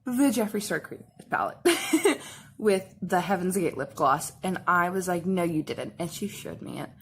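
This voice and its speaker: A woman's voice: lowish voice, expressive, measured pace, fairly bright tone, slight background noise. A young woman chatting casually while she does her makeup, rambling along with lots of "like" fillers. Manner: rambling, full of "like" fillers and laughs. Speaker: makeup and cosplay vlogger.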